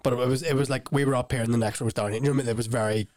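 A young man rambles through a story on a podcast, laughing often and losing his thread. His voice sits in a middle pitch, and the sound is close and dry, with no room around it. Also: steady tone, racing, darkish tone, dry recording. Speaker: podcast co-host. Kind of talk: casual chat.

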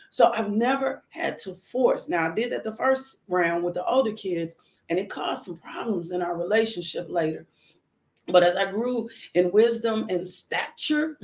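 Gravelly-voiced woman giving earnest testimony. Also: medium pitch, measured pace. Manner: earnest, repeats phrases for emphasis. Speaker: mother sharing faith and parenting lessons. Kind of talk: personal testimony talk.

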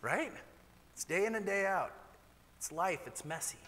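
Animated pastor preaching in a reverberant hall. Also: male voice, measured pace. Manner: candid, animated preaching with sudden rises in pitch. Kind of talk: sermon.

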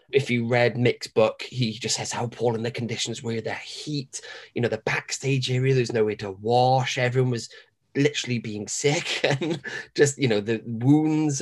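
A man co-hosting a podcast, chatting casually with a rambling, enthusiastic manner and frequent laughter. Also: mid-range voice. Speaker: podcast co-host. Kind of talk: casual chat.

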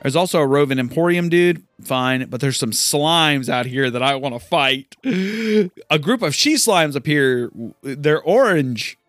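A man's voice: on the high side, lively intonation, unhurried, a bit bright, no room sound, soft background music. Chatty gamer man with a dry close mic. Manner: chatty, incredulous, rambling. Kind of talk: let's play commentary.

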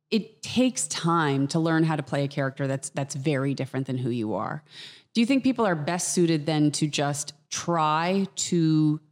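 Woman acting coach, low voice, measured and earnest in relaxed chat. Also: big-room sound. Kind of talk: casual podcast chat.

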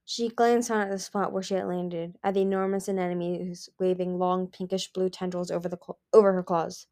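Expressive woman reading a fantasy book. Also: lowish voice, normal speed. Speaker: audiobook reader. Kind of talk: amateur audiobook narration.

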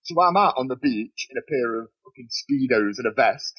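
Husky, animated young man. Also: mid-range voice, moderate pace, muffled recording. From Nottingham, England. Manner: swears freely, animated storytelling with laughs. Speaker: podcast guest, model. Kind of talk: casual chat. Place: bedroom.

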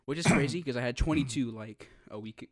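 A teenage guy from Texas trading jokes with a friend on a homemade podcast. His voice sits at an ordinary pitch for a young man and sounds close and dry, with no room around it. He talks loosely and teasingly and laughs easily. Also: a little fast, dry recording. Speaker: podcast co-host. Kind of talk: casual chat.

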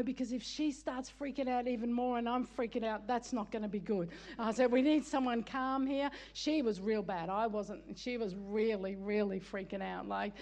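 High-voiced woman preaching with stories. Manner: lively storytelling, laughs often, rising into emphatic preaching with repeated "come on". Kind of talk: sermon with personal stories.

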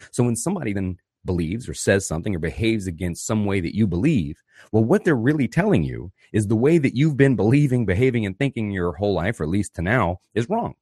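A man hosting his own podcast, talking in an animated, profane way and acting out the voices he quotes. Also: sits low, husky, no room sound, clean studio sound. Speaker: podcast host. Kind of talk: casual solo podcast monologue.

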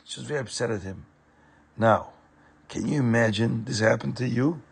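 A man telling a story to children in an animated way, at times turning to speak to the listeners directly. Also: medium pitch, normal speed, gravelly, slightly rough.

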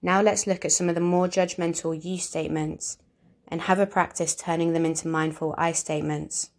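A woman giving a calm, measured instructional narration, explaining ideas step by step. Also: fairly low pitch.

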